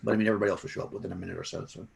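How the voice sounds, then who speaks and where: Casting: low, gravelly man running a tabletop game, rambling narration. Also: steady tone, racing, slight background noise. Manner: rambling, many restarts. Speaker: game master.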